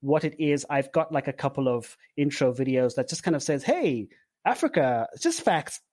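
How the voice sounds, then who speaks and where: A man in his forties from Zimbabwe, a podcast guest talking in a relaxed, rambling way with filler words. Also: medium pitch, fairly quick, no room sound. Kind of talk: casual interview chat.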